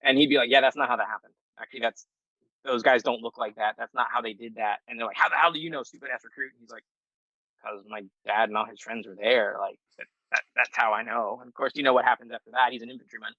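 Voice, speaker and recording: A middle-aged Marine veteran telling a story as a podcast guest in a loose, profane, rambling way with many fillers. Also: male voice, mid-range voice, level tone, fast, bright, forceful tone, no echo, low-quality recording. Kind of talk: casual storytelling.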